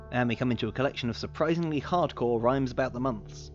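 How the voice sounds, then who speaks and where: Man, mid-pitched, reads rhymes with deadpan jokes over clear background music. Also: quick pace, few pauses, highs cut off. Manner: dry, sardonic asides. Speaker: host reading from an old book. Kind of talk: reading rhymes aloud with commentary.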